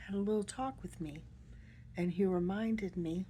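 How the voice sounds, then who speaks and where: A middle-aged woman sharing a personal reflection, soft-spoken and emotional, halting with many pauses. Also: medium pitch, slight background noise. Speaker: vlogger.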